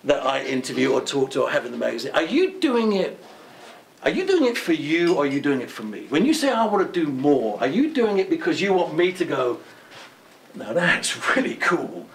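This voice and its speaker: A man interviewing a guest, animated, with long rambling questions and frequent affirmations. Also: on the high side, brisk, gravelly, a little hiss or hum. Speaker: interviewer, magazine host. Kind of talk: conversational interview. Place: museum room with audience. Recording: echoey room, faint ambience.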